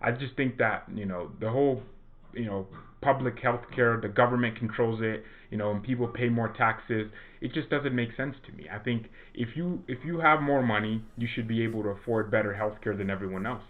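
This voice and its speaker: A teenage American boy chats casually while playing a video game, rambling with lots of fillers and restarts. He's a gaming streamer and fan commentator with a steady, medium-pitched voice, speaking a little fast over narrow, tinny audio.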